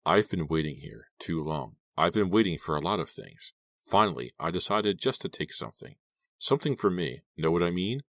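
A man reading an audiobook aloud and voicing a menacing, unstable young man in a low, quiet, eerily calm voice. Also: normal speed, no echo, full character voice.

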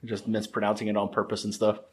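A man's voice: lowish voice, completely flat delivery, quick pace, slight background noise. A man hosting a podcast from an apartment, chatting casually with a guest and laughing easily. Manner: easygoing, laughs often. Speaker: podcast host. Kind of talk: casual interview chat.

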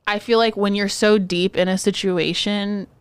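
A woman's voice: mid-range voice, fairly even intonation, moderate pace, smooth, no echo. A woman co-hosting a podcast in casual chat, telling stories and mimicking people in drawled quotes, with some swearing. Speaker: podcast co-host.

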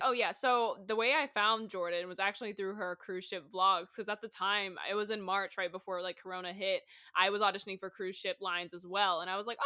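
A woman's voice: medium pitch, steady tone, fairly quick, hardly any pauses, sharp tone. A young woman hosting a casual interview, friendly and eager, reacting often and asking easy questions. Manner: friendly, eager, lots of "like" and "that's so funny". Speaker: host.

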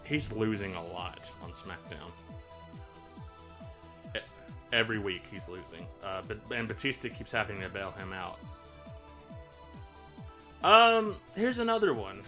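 A man's voice: fairly low pitch, sing-song, unhurried, long pauses, pushed and bright, faint music behind. A man co-hosting a casual podcast, rambling through wrestling recaps with lots of fillers and acted-out quotes. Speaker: podcast co-host. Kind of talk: casual chat.

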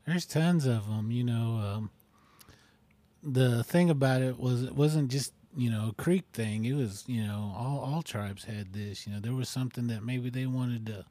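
A man co-hosting a podcast, explaining old tribal beliefs in a relaxed, loose way with many fillers. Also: mid-range voice, normal speed, dry recording. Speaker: podcast co-host. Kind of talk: casual chat.

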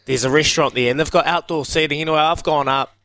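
A man's voice: a little high, fairly even intonation, fast talker, sharp tone, dry recording. Chatty male radio host, dry studio sound. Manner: chatty, frequent restarts, talks straight to listeners. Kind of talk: casual radio chat.

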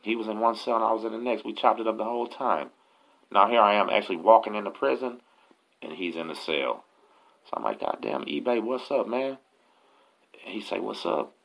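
A man's voice: lowish voice, fairly quick, vocal fry, fairly bright tone, poor audio. A man with a Texan accent telling prison stories as host, in a casual, profane, slangy street manner. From Texas, USA. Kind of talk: casual storytelling.

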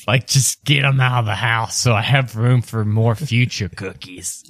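A man voicing a sheepish, bumbling older husband in a tabletop game, slow and rambling. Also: mid-range voice, a bit bright, lightly acted. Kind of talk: tabletop role-play voicing.

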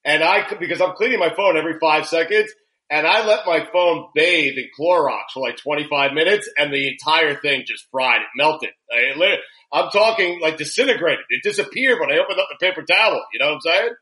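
Male podcast host, bright tone, animated storyteller, laughs and swears. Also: fairly high pitch, brisk, rough recording. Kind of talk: casual comedic chat.

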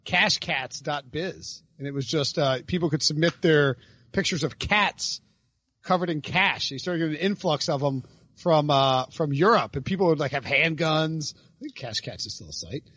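A man hosting a casual podcast talks in a rambling way and laughs as he goes. He often breaks off and restarts his sentences. His voice sits a little high, with a dull, dry, lo-fi sound. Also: animated, moderate pace, a bit bright, husky, no echo. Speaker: podcast host. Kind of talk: casual chat.

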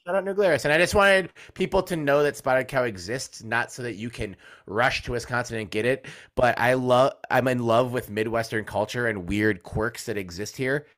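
A man hosting a casual sports podcast, telling animated stories that swing between loud outbursts and low asides, and swearing casually. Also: moderate pace, few pauses. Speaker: podcast host.

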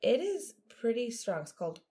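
A woman co-hosting a casual podcast with her mother, chatty and quick to laugh while she sets up a true crime story. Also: on the high side, big pitch swings, dark tone. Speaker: podcast co-host; daughter of co-host, telling a true crime story. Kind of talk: casual chat.

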